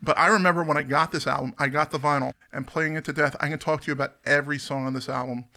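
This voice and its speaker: A man's voice: a little high, fairly even intonation, quick pace, creaky, pushed and bright. A man from the US East Coast hosting a song countdown podcast, chatting casually with jokey, rambling asides. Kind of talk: casual chat.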